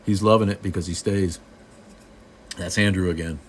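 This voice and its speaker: Low-voiced, snarky man from Boston, middle-aged, hosting a loose live-stream chat. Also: steady tone, moderate pace, very noisy. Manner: snarky, joking, loose with many restarts. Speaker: live stream host answering viewer comments.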